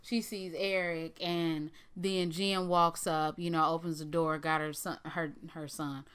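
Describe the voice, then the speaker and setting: Smooth-voiced woman, blunt sarcastic recap. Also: low-pitched, level tone, unhurried, fairly bright tone. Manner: blunt, sarcastic running commentary. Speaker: TV recap vlogger. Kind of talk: casual TV episode recap.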